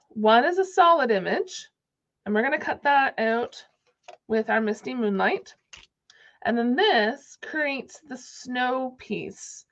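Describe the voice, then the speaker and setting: A woman's voice: on the high side, vocal fry, dull audio. A woman giving a casual, chatty crafting tutorial, thinking aloud as she works. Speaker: card-making demonstrator.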